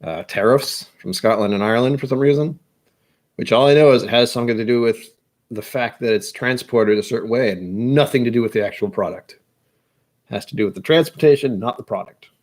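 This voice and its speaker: A man's voice: mid-range voice, brisk, a little mellow. A young American man hosting a whiskey channel, rambling casually and poking fun at himself. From United States. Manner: self-deprecating, musing aloud.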